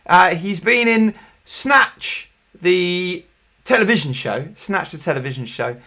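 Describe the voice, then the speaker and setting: A man hosting an online pub quiz, chatty and jokey with loud bursts of excitement. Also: high-pitched, takes it slowly. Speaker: quiz host.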